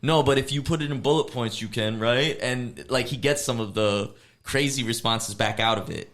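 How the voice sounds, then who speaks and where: A male podcast co-host with a mid-range voice chats casually at a moderate pace. He tells stories animatedly, doing the voices in his retellings and acting out quoted chatbot lines.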